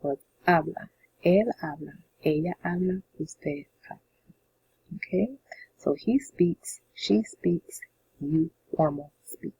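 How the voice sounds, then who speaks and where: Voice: mid-range voice, slow, warm tone, a little hiss or hum, poor audio. A Spanish teacher explaining a lesson step by step in a patient, repetitive way, often checking in with "okay?". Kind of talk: classroom-style lesson explanation.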